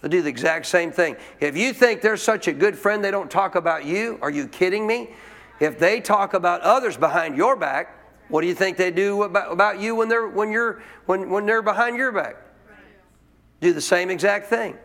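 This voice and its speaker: A man's voice: high voice, moderate pace, a bit bright. A man preaching a sermon to a congregation, emphatic, asking questions and repeating his points. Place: church.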